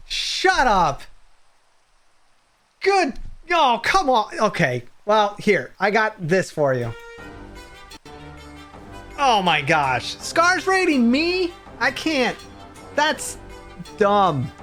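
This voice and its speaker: Brief: man streaming games at a desk mic, halting rambling delivery, swinging pitch. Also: soft background music. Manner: rambling, hesitant, bursts into excited high-pitched reactions. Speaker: game streamer. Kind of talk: live gameplay stream chat.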